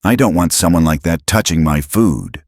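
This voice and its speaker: A man's voice: deep voice, lively intonation, normal speed, dry recording, studio quality. A man voicing an arrogant male customer who barks and sneers with contempt. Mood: contemptuous. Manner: sneering, barking.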